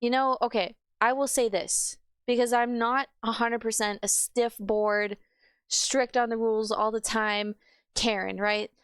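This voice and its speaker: A woman's voice: a little high, steady tone, measured pace, fairly bright tone, smooth, dry recording. A woman hosting a reaction video, ranting with sarcasm and frequent swearing. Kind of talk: ranting commentary.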